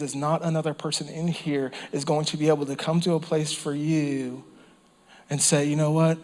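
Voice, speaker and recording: At a church or campground service, a pastor preaches with fervor in a voice a little higher than most men's. He repeats phrases for weight and at times drops to a whisper in his impassioned delivery.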